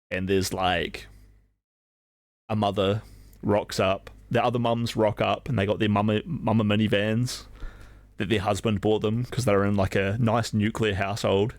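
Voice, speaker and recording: Low, gravelly young man rambling. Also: steady tone, a little slow, no echo. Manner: rambling, filler-heavy, profane. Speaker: streamer. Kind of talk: casual storytelling on a live stream.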